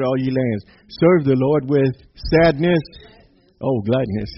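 Male preacher, mid-pitched, jokey and spirited sermon delivery with sung verses; slightly dull, faintly noisy recording. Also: breathy edge. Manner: lively and joking, sings and shouts out verses.

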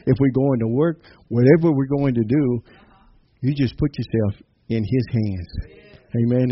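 A man's voice: mid-range voice, normal speed, slightly rough, no room sound, highs cut off. A man preaching a sermon, often chuckling and calling out amen. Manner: laughs often, calls out amen.

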